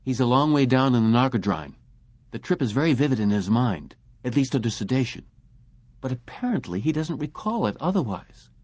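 A man's voice: medium pitch, big pitch swings, fairly quick, no room sound, voice pushed up. A man voicing a male lab technician who speaks sharply and insistently. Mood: explaining. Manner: sharp, demanding.

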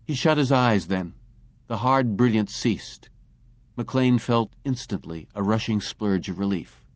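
A man reading a science fiction story aloud as an audiobook narrator, in a measured way. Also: on the low side, animated, no room sound. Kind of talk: scripted narration.

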